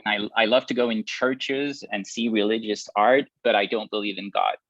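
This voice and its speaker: A man with a fairly low voice interprets for a guest, often restarting sentences and chuckling between them. His audio sounds dull and lo-fi, with a dry, close feel. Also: fairly even intonation, normal speed, a bit bright, dry recording. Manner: restarts and chuckles while translating. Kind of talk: translating for a guest.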